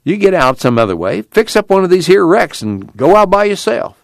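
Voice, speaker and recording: A man doing a gruff, impatient tough guy. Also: sits high, very animated, fairly quick, dry recording, pitched above the performer's own voice, exaggerated voice. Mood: blunt. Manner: gruff, blunt scolding.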